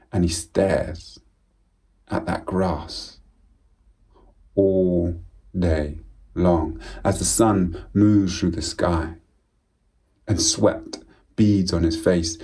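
A man telling a folk tale aloud in a measured, solemn way, often dropping to a quiet voice. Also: low voice, husky. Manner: slow, measured and solemn with repetitions. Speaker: storyteller. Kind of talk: oral storytelling of a folk tale.

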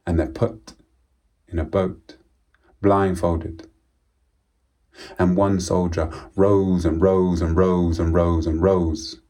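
A man telling a folk tale aloud in a measured, solemn way, often dropping to a quiet voice. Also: low voice, little pitch movement. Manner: slow, measured and solemn with repetitions. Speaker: storyteller. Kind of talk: oral storytelling of a folk tale.

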